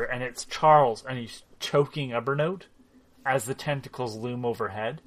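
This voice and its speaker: A man telling a friend about a game he played, animated and loose with his swearing. His voice sits at an ordinary middle pitch. He acts out the lines as he goes. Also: moderate pace. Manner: animated storytelling, swears freely, acts out quotes. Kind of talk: casual chat recapping a video game.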